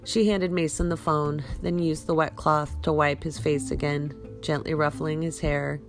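A woman reads a story aloud in a low voice with a gravelly edge. Her delivery is unhurried, and she corrects her small slips as she goes. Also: level tone, over music. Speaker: host and story reader.

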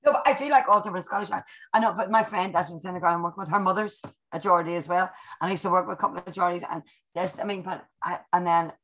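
A woman with a Northern Irish accent talks quickly, rattling off anecdotes as a guest in casual chat. Her voice sits fairly low for a woman. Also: a bit bright, low-quality recording. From Northern Ireland. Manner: chatty anecdotal storyteller.

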